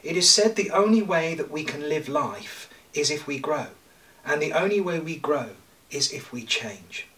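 Man, priest, sermon, measured with pauses and light humour, bright tone, recorded from a distance. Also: on the high side, expressive. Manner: measured preaching with jokes and pauses. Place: church.

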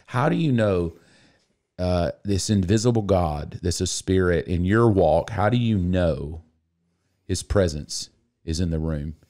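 A middle-aged man who is a pastor, reading scripture and then chatting in an animated, joking way. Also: deep voice, measured pace. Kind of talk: casual podcast chat and scripture reading.

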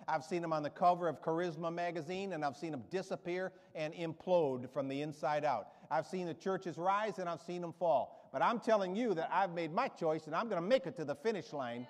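Preaching in a church sanctuary as a guest, a man in his 70s speaks on the high side, fairly quickly and with few pauses. The sermon is emphatic and rousing, with asides for stories, and the hall is reverberant.

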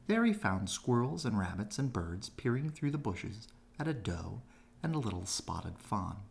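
A man reading a children's storybook aloud, gentle and expressive. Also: fairly low pitch, vocal fry. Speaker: storybook reader.

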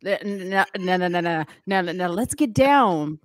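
A woman's voice: on the low side, lively intonation, normal speed, no room sound, studio quality, natural voice. A woman impersonating a male coworker who stammers and repeats himself in rambling chants.

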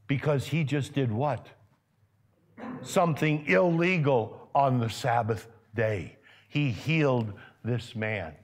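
A man preaching from the pulpit of a church in a steady, unhurried sermon. His voice sits at an ordinary middle pitch. He keeps quizzing his congregation and rises to loud emphasis when a point stirs him. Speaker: pastor. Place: church sanctuary.

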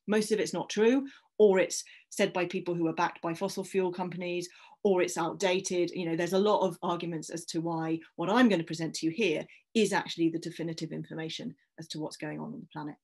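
A woman with an English accent giving an online science talk, gently reassuring listeners and inviting them to breathe. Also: lowish voice, steady tone, fairly quick.

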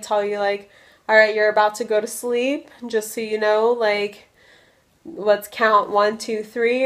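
A young woman from Russia telling a story in a casual vlog, talking loosely with lots of filler words. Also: fairly high pitch. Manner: chatty, many "like" fillers. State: a little loopy from medication. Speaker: vlogger.

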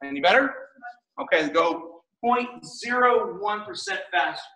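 Male martial arts instructor, high bright voice, upbeat and encouraging, calling out drills; recorded from across an echoey studio. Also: animated, normal speed, recorded from a distance. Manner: upbeat, encouraging, casual with fillers.

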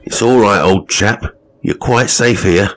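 A man's voice: fairly low pitch, a little slow, a bit bright, faint music behind, voice pushed up. A man voicing a kindly male night orderly who reassures a frightened patient in a fatherly way. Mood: soothing.

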